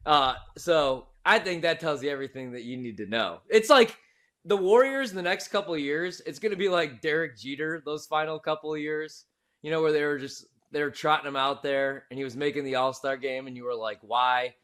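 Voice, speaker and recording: A man's voice: fairly high pitch, a little fast, fairly bright tone. A man co-hosting a sports podcast who gives his opinions in a casual, slangy way. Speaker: podcast co-host.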